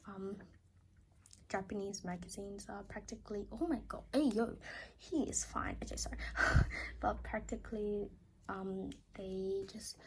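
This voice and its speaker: A woman's voice: medium pitch, slight background noise, poor audio. Gushing young woman vlogger. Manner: gushing, excitable, drifts between loud outbursts and whispers. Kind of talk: casual unboxing haul.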